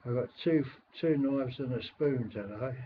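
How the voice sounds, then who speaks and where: Rambling older Londoner on a webcam. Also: male voice, medium pitch, unhurried, a little hiss or hum. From England. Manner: rambling, grumbling, swears mildly. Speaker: webcam caller. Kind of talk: casual webcam chat. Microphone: webcam microphone. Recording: dull lo-fi webcam audio.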